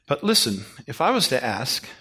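Bright-voiced folksy male preacher. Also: mid-range voice, normal speed, breathy edge. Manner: folksy, animated storytelling with shouted asides. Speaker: pastor. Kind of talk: sermon.

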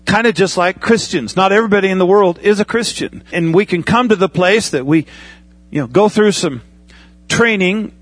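A man with a raised, slightly husky voice delivers a sermon in an easygoing, talk-to-you manner. He keeps checking in with his listeners as he goes. The sound is dry and close, with little room around it. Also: high voice, normal speed, no echo. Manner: conversational preaching with pilot analogies and asides. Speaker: pastor.

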